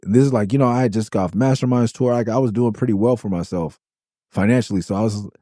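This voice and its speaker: Swearing freely and animated, an LA podcast host shares tour stories casually, raising his voice whenever he acts out quotes. He speaks quickly in a lowish voice, recorded cleanly in a studio with no echo.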